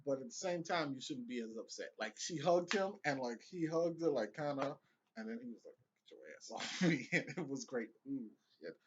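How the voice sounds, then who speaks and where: A man's voice: medium pitch, expressive, fairly quick, dull audio, slight background noise. A young man giving casual, profane, rambling commentary on a TV episode he just watched, with laughing asides. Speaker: vlogger reviewing a TV episode.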